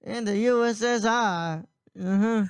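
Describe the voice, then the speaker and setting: High-voiced smooth male podcast host. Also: unhurried, dry recording. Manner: rambling, laughs often, many restarts. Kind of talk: casual podcast chat.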